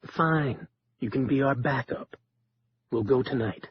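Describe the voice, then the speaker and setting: A man voicing a calm, guarded older male leader who speaks quietly and in a measured way. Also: medium pitch, slightly rough. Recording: dull lo-fi with faint hiss.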